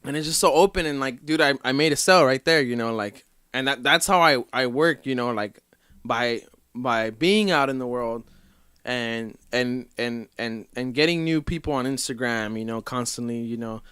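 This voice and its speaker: A man's voice: mid-range voice, moderate pace, a bit bright, clean tone, dry recording. A man chatting casually as a podcast guest, rambling loosely with lots of fillers.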